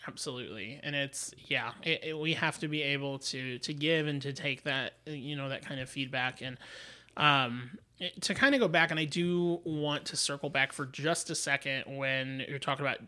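A man's voice: mid-range voice, normal speed, bright, forceful tone. A man co-hosting a casual podcast, talking earnestly and reflectively, laughing often. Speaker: podcast co-host. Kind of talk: casual chat.

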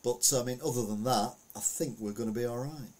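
A man's voice: mid-range voice, a little fast, darkish tone. A man giving a casual, rambling commentary on the week's news, full of anecdotes and asides.

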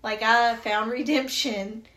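A woman's voice: on the high side, fairly even intonation, slow, a bit bright, roomy sound. A woman, a podcast guest, candidly telling a personal story in a chatty, emotional, faith-filled way with lots of fillers.

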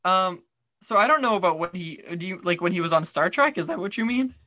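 A man's voice: sits high, animated, brisk, pushed and bright, dry recording, studio quality. A man co-hosting a podcast, chatting casually with lots of fillers and restarts. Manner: chatty, rambling, many fillers. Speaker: podcast co-host. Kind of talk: casual chat.

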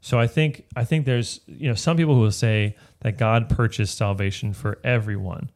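Low gravelly man teaching Bible study. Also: normal speed, darkish tone. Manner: explanatory, checks in with frequent "right?".

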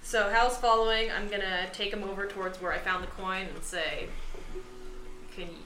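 A woman's voice: mid-range voice, brisk. A woman playing a tabletop game, describing her character's actions bluntly. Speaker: player. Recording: echoey room with steady background noise.

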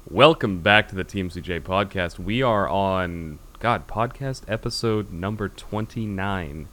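A man's voice: sits low, a little slow, a bit bright. An American man hosting a podcast, talking in a rambling, casual way with lots of restarts. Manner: rambling, with many fillers and restarts. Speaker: podcast host. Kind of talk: casual chat.

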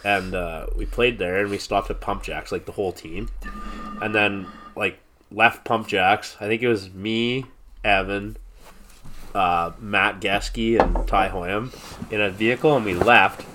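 A man's voice: fairly low pitch, steady tone, a little slow, noisy background. A man in his thirties, a podcast guest, telling a long rambling story in casual chat and swearing freely. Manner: rambling, heavy swearing, laughs through the story.

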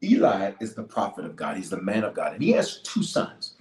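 A man, a bishop, preaching a leadership sermon. He repeats key lines for emphasis and swings from loud declarations to hushed asides. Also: fairly low pitch, big pitch swings, a little fast. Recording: roomy echo with faint music.

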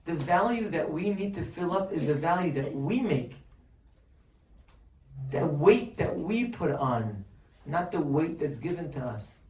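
Male preacher, mellow voice from a distance in a roomy hall, lively rhetorical delivery. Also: on the high side, measured pace. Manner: animated, rhetorical questions, acts out pleading voices. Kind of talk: sermon. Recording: distant mic, echoey room, faint noise.

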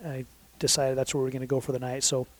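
A man's voice: medium pitch, flat delivery, quick pace, no echo. A man in his thirties telling a long story in a casual, rambling way, correcting himself often and leaning on fillers. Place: southern Utah.

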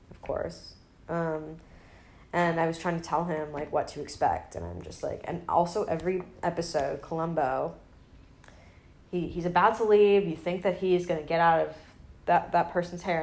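A young adult woman with a lowish, darkish voice hosts a podcast on her own, chatting casually and rambling with joking self-mockery. The room sounds spacious, with a faint hiss.

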